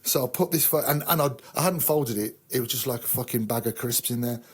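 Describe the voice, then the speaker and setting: An English army veteran telling a rambling, profane, self-mocking story in casual chat. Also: male voice, medium pitch, fairly quick, husky. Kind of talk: casual sweary anecdote.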